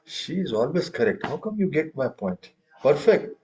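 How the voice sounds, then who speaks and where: A man's voice: a little high, very animated, moderate pace, mellow, muffled recording. A man teaching a group tabla lesson, counting beats and reciting drum syllables for students to follow.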